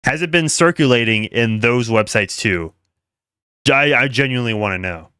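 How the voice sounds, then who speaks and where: Bright clear-voiced man rambling to chat. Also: mid-range voice, animated, moderate pace, no echo, studio quality. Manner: rambling, lots of fillers and asides to chat. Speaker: commentary host. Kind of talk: casual commentary.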